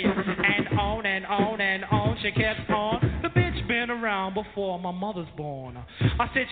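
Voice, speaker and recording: High-voiced young man rapping a playful story. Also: measured pace. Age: young adult. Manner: playful, half-sung bragging delivery. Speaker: rapper. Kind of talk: storytelling rap over a beat. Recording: tinny lo-fi music recording. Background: loud hip hop beat.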